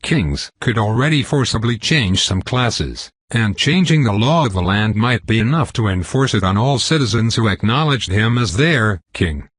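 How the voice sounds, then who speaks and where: A man narrating a fantasy web novel in the first person, with measured, even storytelling. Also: on the low side, slightly rough, no echo. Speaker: audiobook narrator.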